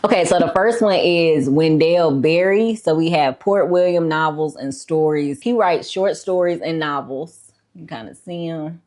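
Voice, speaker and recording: This woman's deep, slightly mellow voice moves at a moderate pace as she casually shows off her books for her vlog. She sounds a little out of breath, easygoing and talkative, with plenty of fillers and a scattered "y'all."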